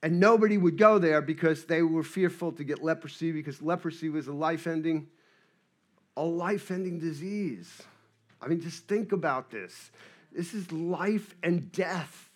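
A man preaching a sermon in a conversational way, moving between hushed and emphatic passages. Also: on the high side, measured pace. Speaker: pastor.

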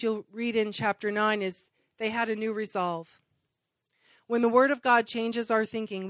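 A church speaker, a woman with a fairly high voice, preaches an earnest, personal sermon whose points build into emphatic repeated phrases. The sound is close and dry, with no echo.

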